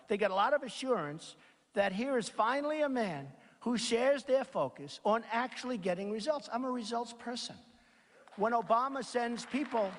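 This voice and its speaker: A man giving a campaign rally speech in a large packed auditorium, rambling and repetitive, reading out quotes and then riffing on them. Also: high-pitched. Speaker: campaign speaker. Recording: long reverb of a big hall. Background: crowd in a large hall.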